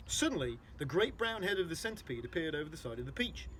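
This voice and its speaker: A man's voice: a little high, sing-song, fast talker, a bit bright, a little hiss or hum. A man reading a children's storybook aloud, explaining hard words for young listeners.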